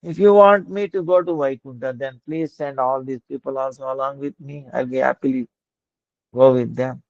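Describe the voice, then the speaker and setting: A man voicing a saintly, compassionate king in a told story, with a gentle, pleading manner. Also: medium pitch, fairly even intonation, moderate pace, vocal fry, dry recording, natural voice. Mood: earnest. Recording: dull lo-fi dry recording.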